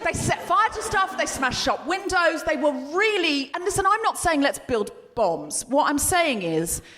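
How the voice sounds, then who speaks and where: High, lively woman hosting live comedy. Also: normal speed. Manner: animated, playful, shouting to lead the crowd. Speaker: podcast host. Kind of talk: live comedy podcast, stand-up. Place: live venue, former courtroom. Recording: echoing hall, noisy live crowd.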